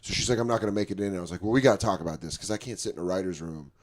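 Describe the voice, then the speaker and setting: Animated storytelling man on a podcast. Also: sits low, rapid-fire. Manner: animated storyteller, swearing, acting out quotes. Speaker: podcast co-host. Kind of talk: casual storytelling chat.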